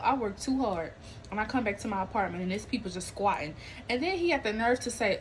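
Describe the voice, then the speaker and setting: A woman hosts a podcast fast and at medium pitch, on poor audio with a little hiss or hum. Her casual celebrity and viral news chat is animated and loaded with slang, laughter and acted-out quotes.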